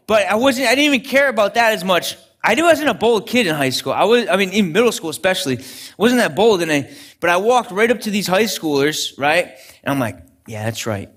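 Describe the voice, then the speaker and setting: A man's voice: sits high, fairly bright tone. A young adult man, a pastor, preaching a sermon in an earnest storytelling way with frequent restarts.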